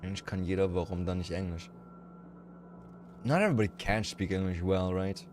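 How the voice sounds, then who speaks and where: A German man with a German accent and a low voice chats on a livestream in a rambling, frank and profane way. Soft music plays quietly in the background. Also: steady tone, a little fast. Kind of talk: casual livestream chat with viewers.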